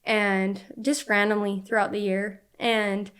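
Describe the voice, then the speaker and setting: A woman's voice: mid-range voice, level tone, measured pace, a bit bright, clear, resonant tone. A woman in her twenties, a podcast guest telling personal stories in an earnest, casual way, peppering her speech with "like.". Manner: earnest, heavy use of "like" fillers. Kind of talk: casual conversational storytelling.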